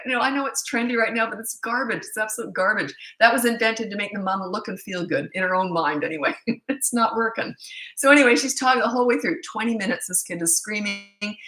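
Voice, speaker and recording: A middle-aged woman gives parenting advice in a blunt, animated way, acting out the people in her stories. Her voice is bright and forceful. The echo of a roomy space hangs around it. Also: fairly high pitch. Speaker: parenting coach. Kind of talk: casual storytelling advice talk.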